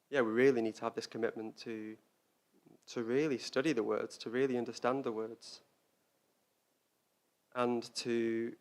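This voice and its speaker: Halting, reflective male Dharma teacher. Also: medium pitch. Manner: reflective, halting, repeats words while searching for them. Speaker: Buddhist teacher. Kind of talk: Dharma talk.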